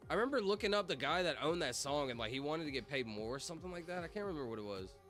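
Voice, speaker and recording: A man's voice: a little high, lively intonation, racing, a bit bright, faint music behind. Young man rambling casually on stream. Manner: rambling, filler-heavy, says "like" and "bro" constantly. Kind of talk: casual livestream chat.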